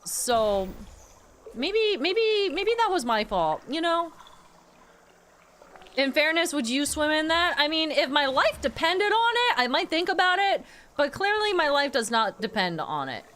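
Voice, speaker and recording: A VTuber streamer plays a game live, playful and laughing often, yelping at the screen and chatting with viewers while game music plays behind her. Her high voice is very animated and a bit bright, her pace a little slow, and there's slight background noise.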